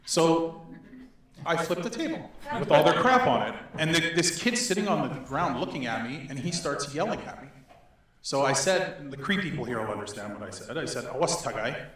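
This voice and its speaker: A middle-aged man from Northern Alberta spins a story for a crowd in a synagogue hall. His voice sits a little high, and he keeps breaking into laughs as he acts out each voice. The room rings with heavy echo. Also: lively intonation, a little fast, a bit bright. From Northern Alberta, Canada. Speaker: speaker. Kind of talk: storytelling to an audience. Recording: echoey hall.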